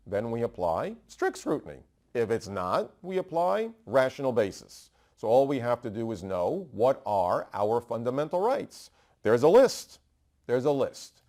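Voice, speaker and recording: A man from New York teaching a bar exam review, fast and emphatic, asking rhetorical questions and answering them himself. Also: mid-range voice, darkish tone. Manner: brisk and emphatic, repeating key terms. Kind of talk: energetic law review lecture.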